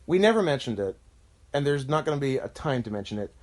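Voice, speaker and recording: A man's voice: medium pitch, very animated, fast. A man co-hosting a casual wrestling podcast, talking in a sarcastic, jokey way with mock-dramatic outbursts. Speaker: podcast co-host.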